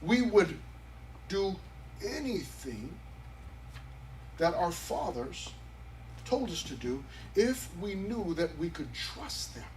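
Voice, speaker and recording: A man's voice: high-pitched, big pitch swings, takes it slowly, pauses often, darkish tone, recorded from a distance, a little hiss or hum, rough recording. A male pastor preaching a sermon at a youth service in a conversational, emphatic way. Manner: conversational and emphatic, acting out quotes.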